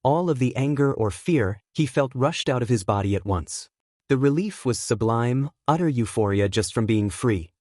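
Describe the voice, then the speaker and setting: A man reads a fan fiction story aloud in a steady, even voice. His pitch sits in the middle range. The sound is dry and close, with no room echo. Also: moderate pace. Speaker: narrator. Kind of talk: fan fiction audiobook reading.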